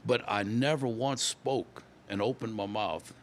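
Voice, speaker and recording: Low-voiced older man. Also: measured pace, slight background noise. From Louisiana. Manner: rambling, repeats and restarts words. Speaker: guest musician. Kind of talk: casual storytelling interview.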